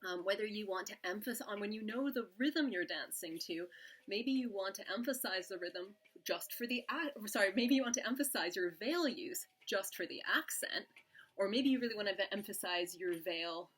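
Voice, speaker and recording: A woman from the UK teaching a dance lesson, explaining in a relaxed, casual way with some filler words. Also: medium pitch, moderate pace, slightly rough. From United Kingdom. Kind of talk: casual instructional talk.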